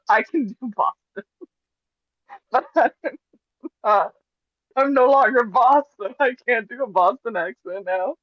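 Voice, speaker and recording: A woman's voice: a little high, takes it slowly, long pauses, no room sound, dull audio. A woman playing in a tabletop game, chatting casually and giggling. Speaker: player.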